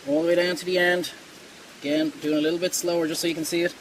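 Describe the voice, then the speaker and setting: High-pitched guy walking you through butchering, chatty and reassuring, a bit of hiss behind. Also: little pitch movement, fast talker, rough recording. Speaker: cooking show host. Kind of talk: hands-on cooking demonstration.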